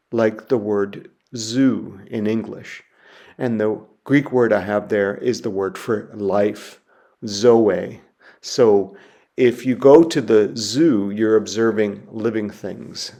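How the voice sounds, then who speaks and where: A man giving a recorded lecture, walking through letters slowly and methodically, repeating each example word. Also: lowish voice, dark tone. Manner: slow, methodical, spelling sounds out and repeating words. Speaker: teacher.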